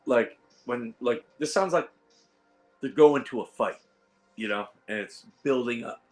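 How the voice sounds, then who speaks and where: A man with a Midwestern accent and a hoarse, worn voice, chatting casually on a home livestream in a rambling way. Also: medium pitch, a little slow, soft background music, low-quality recording. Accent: Midwestern American. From Ohio. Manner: rambling, chuckling, restarts phrases. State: hoarse, losing voice. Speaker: livestream host.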